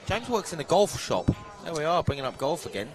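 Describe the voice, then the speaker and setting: A man's voice: a little high, big pitch swings, fairly quick. A man co-commentating live pool with dry quips and short interjections about the players.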